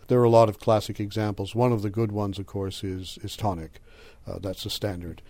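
A middle-aged man with a light Boston accent and a low, mellow voice, speaking as a linguistics professor. He explains at a measured pace, lecturing with small fillers and the odd chuckle. The recording is dry and close. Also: steady tone, no room sound. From Boston area. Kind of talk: explanatory interview answers.

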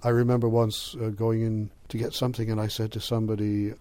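In a dry, close recording with no room sound, a middle-aged man from the Boston area, with a light Boston accent, answers interview questions as a linguistics professor. His voice is low and mellow with a level tone, and he lectures at a measured pace, with small fillers and the odd chuckle.

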